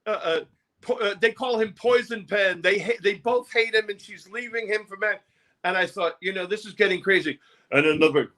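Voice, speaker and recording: Male interview guest, storyteller, profane and animated; high, bright voice. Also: moderate pace. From New York. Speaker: interview guest, music producer.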